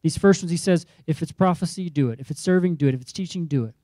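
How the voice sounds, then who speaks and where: Emphatic male pastor, mellow dry voice. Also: a little high, fast talker, dry recording. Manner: emphatic preaching with repeated phrases and rising calls. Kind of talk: sermon.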